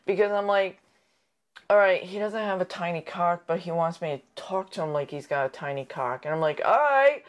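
A woman's voice: fairly low pitch, fairly even intonation, moderate pace, muffled recording. A woman co-hosting a casual chat show, blunt and laughing often, swearing freely. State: sick. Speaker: podcast co-host.

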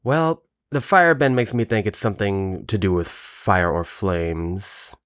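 A man's voice: fairly low pitch, a little slow, a bit bright, dry recording, studio quality. A man co-hosting a podcast in casual chat, laid-back and chuckling. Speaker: podcast co-host.

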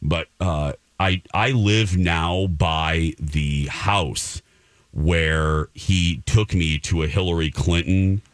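A man's voice: low-pitched, slow pace, no room sound, clean studio sound. A man hosting a podcast, telling a dramatic story in a casual chat and acting out the quotes. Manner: animated, dramatic, acts out quotes. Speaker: podcast host.

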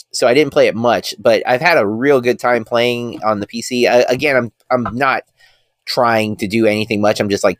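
A man's voice: medium pitch, no echo, clean studio sound. A man co-hosting a podcast in casual chat, rambling with lots of fillers and enthusiastic about films. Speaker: podcast co-host.

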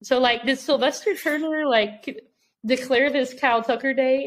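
Young woman with a slightly high voice. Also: normal speed. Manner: storytelling, acts out quotes. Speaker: podcast co-host. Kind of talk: casual chat.

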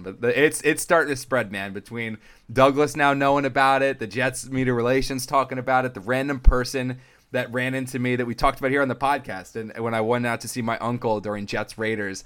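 A man's voice: brisk, clean tone. A young man chatting casually on a sports podcast, telling stories and acting out what others said with big jumps in his voice. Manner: animated storyteller, acts out quotes with big pitch jumps. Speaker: sports reporter and podcast guest.

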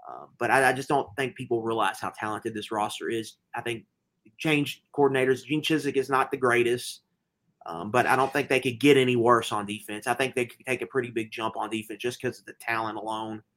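A man's voice: medium pitch, fairly even intonation, brisk, a bit bright. A man co-hosting a casual sports betting chat, rambling along with many fillers and restarts. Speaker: podcast co-host.

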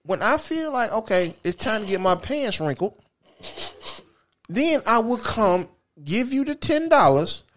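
A man's voice: high-pitched, sing-song, unhurried, a bit bright. A man co-hosting a podcast in casual chat, blunt and teasing with his co-host.

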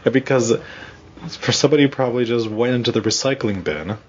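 A man's voice: medium pitch, quick pace, lo-fi sound, a little hiss or hum. A man co-hosting a casual podcast, ranting and swearing a lot as he talks. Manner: profane, ranting, animated. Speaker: podcast co-host. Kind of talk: casual wrestling podcast chat.

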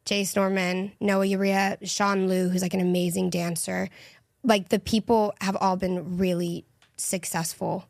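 A woman's voice: on the low side, little pitch movement, a little slow, vocal fry, darkish tone, no echo, clean studio sound. A young woman from Texas, a podcast guest chatting casually and teasing the hosts. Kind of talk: casual chat.

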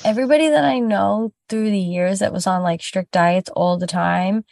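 A woman's voice: medium pitch, normal speed, gravelly, darkish tone, no room sound. A woman co-hosting a podcast in a laid-back, emphatic casual chat, often laughing. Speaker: podcast co-host.

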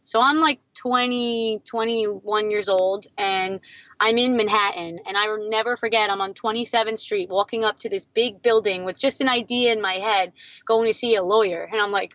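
A woman in her thirties, a guest on an interview podcast, telling her story in a lively way and acting out what others said. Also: normal speed, dry recording, dull audio. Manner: animated, acts out quotes in a higher voice. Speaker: guest, entrepreneur.

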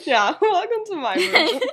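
A young woman co-hosting a podcast, chiming in with quick reactions and laughs while a friend tells a story. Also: very high voice, sing-song, crowd noise. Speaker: podcast co-host. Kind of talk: casual chat, reacting to a story. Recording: loud background noise.

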